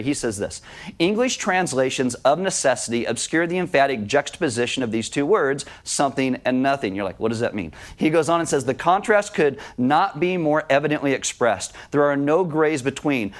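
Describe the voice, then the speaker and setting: Slightly high-voiced male pastor preaching. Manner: conversational, self-deprecating humor. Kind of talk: sermon.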